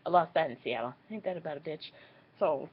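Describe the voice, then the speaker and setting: A young woman telling a story in a casual vlog, swearing freely and acting out what people said in squeaky high voices. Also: expressive, brisk, slightly rough, phone-quality sound. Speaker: vlogger.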